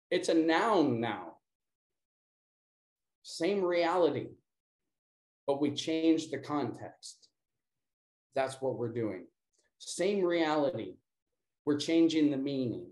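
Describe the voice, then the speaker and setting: A man leading an interactive class and then a guided breathing exercise, talking deliberately and often checking in with "right?". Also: a little high, a little mellow. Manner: slow, deliberate, repeats key words and checks in with "right?". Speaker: workshop instructor. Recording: roomy echo.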